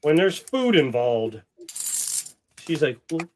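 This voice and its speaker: A man's voice: mid-range voice, unhurried. A man hosting a casual livestream, chatting and joking while he barks short, firm commands at his dogs. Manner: chatty and joking, with the odd swear. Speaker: coin-hunting livestream host.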